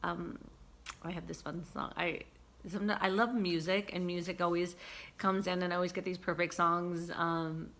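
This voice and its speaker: A woman vlogger talking casually about spiritual healing, earnest and searching, with frequent pauses and fillers. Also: fairly low pitch, level tone, a bit bright.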